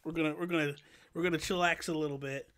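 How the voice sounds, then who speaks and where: Guy hosting a live stream, bright tense voice, kinda high, rambles on and on with lots of energy. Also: quick pace. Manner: animated, long-winded storyteller. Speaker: show host. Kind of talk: casual livestream chat.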